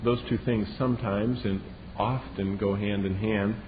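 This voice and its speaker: A man preaching a sermon as a Bible teacher, telling the story in a lively way and acting out the lines he quotes. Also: on the low side, a little slow. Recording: dull lo-fi recording with long reverb and faint hiss.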